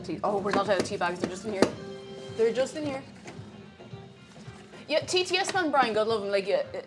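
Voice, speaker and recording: A woman chatting bubbly and excitably on a livestream while cooking, now and then breaking into shouted cheers. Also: medium pitch, fairly quick, soft background music. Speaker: streamer.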